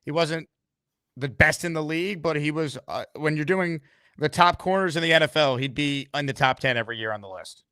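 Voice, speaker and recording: A man's voice: fairly high pitch, brisk, sharp tone, clear, resonant tone, no echo. A man hosting a call-in sports show, playful and teasing with callers. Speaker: host.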